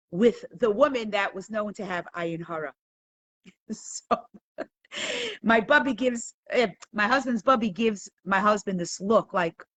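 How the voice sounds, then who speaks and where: A middle-aged woman with a mid-range voice leads a live online Torah class, telling stories punctuated by animated laughter.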